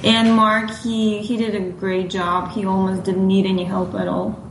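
A woman's voice: mid-range voice, level tone, normal speed. Female guest, polite and matter-of-fact, roomy echo with faint background hum. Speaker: language coach and actor. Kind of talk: casual panel interview.

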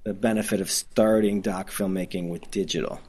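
A man's voice: low voice, fairly even intonation, a little fast, a little mellow, breathy edge. A man from Detroit with a Midwestern accent, a documentary filmmaker talking in a casual interview, enthusiastic and rambling with many restarts. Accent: Midwestern American. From Detroit, Michigan.

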